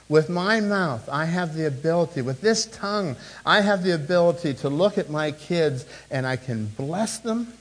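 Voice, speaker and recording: Animated middle-aged male preacher. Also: on the high side, normal speed, few pauses, low-quality recording. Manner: animated preaching with sudden drops to a hushed tone; conversational, with asides to the congregation. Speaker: pastor. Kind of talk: sermon.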